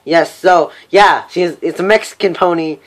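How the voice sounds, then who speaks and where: A young man casually recapping a cartoon episode on a voice call, rambling and halting. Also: a little high, background noise. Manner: rambling, halting, full of fillers. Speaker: vlog host.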